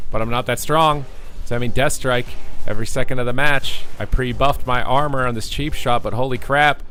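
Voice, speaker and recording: A man's voice: mid-range voice, a bit bright. A man rapping playful rhyming commentary over his own game match. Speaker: gamer streamer.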